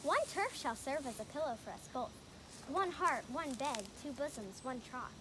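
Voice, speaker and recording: An ardent young male lover, played by a young actress in an outdoor youth production. The verse is steady and earnest, and the voice sits high. Night insects and outdoor noise are clearly heard. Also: moderate pace. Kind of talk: outdoor youth stage acting.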